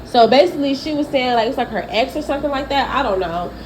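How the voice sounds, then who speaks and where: A young woman, giving blunt, profane, animated celebrity gossip commentary. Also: sits high, fast, slight background noise, rough recording.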